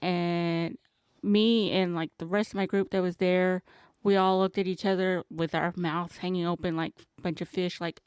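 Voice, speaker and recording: A woman chatting as a podcast guest, recounting a story and quoting others with a playful touch. Her voice is smooth, resonant and a little low, and the close microphone sounds dry with no room echo. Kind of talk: casual storytelling.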